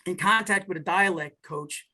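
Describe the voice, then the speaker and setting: A man with a New York accent and a fairly high, bright voice chats as a podcast guest. He tells stories with energy, restarting his sentences as he goes. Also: normal speed, rough recording. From New York / New Jersey area. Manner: animated storyteller, many restarts. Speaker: actor guest. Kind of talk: casual podcast interview.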